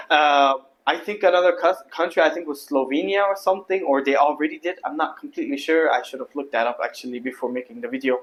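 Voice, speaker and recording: A man's voice: a little high, brisk, fairly bright tone. A man from Palestine with an Arabic accent, a native Arabic speaker, talking straight to his viewers in a candid, rambling monologue. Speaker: vlogger. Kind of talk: casual monologue to camera.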